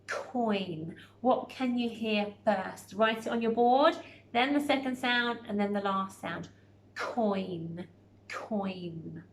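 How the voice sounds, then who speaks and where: A woman teaching a recorded phonics lesson. She sounds out each word slowly and clearly and gives warm encouragement. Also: medium pitch, roomy sound, slight background noise.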